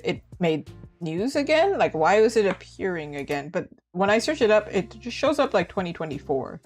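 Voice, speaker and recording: A young woman from Canada, an art streamer, chatting casually and giggling as she talks. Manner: chatty and giggly, lively swings in pitch. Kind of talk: casual live-stream chat. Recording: faint music behind.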